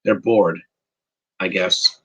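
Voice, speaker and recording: A man's voice: low voice, steady tone, takes it slowly, pushed and bright, husky, poor audio. A man from New York hosting a live movie commentary podcast, giving rambling, opinionated takes and answering chat questions. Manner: opinionated and rambling, with frequent restarts. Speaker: podcast host.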